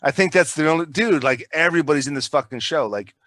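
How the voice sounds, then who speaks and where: A man's voice: a little high, fast talker, fairly bright tone, no echo. Man, podcast co-host, rambly and profane, dry close mic. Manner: rambling, swears a lot, many restarts. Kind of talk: casual chat.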